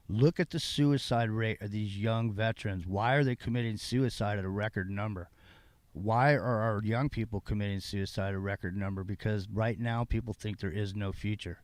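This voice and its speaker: A man's voice: fairly low pitch, dry recording. A man co-hosting a late-night political talk show, ranting and often restarting his sentences. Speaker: podcast co-host.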